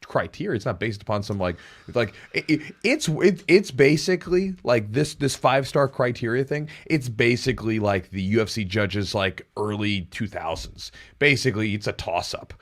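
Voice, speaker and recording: A man hosting a podcast in casual chat, talking in an animated, rambling way with sudden jumps in pitch. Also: normal speed. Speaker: podcast host.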